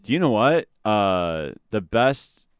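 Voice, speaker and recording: A man co-hosting a comedy podcast, laid-back and rambling, full of halting restarts. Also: lowish voice, very animated, clear, resonant tone, no room sound, clean studio sound. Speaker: podcast co-host. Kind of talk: casual comedic banter.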